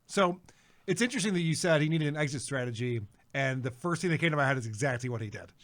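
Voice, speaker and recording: A man co-hosting a comedy podcast, reacting to a story with quick, wry jokes and questions. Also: a little high, lively intonation, fairly bright tone. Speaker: podcast co-host. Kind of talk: casual comedic chat.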